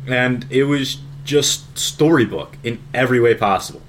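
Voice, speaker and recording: A man's voice: mid-range voice, moderate pace. A man co-hosting a casual sports podcast, talking earnestly and with enthusiasm. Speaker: podcast co-host.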